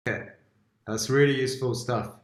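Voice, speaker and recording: A man hosting an interview over a video call, asking slow, searching questions. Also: medium pitch, fairly even intonation, echoey room. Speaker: host.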